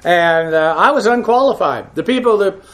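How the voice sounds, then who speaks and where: A man who is a pastor, teaching a verse-by-verse Bible lesson in a halting way, full of uh fillers, with frank, blunt asides. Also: sits high, lively intonation, fairly bright tone.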